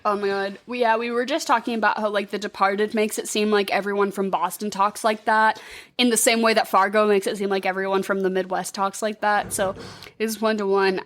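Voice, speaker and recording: A woman co-hosting a podcast in casual chat, animated and quick to laugh, often poking fun at herself. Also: mid-range voice. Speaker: podcast co-host.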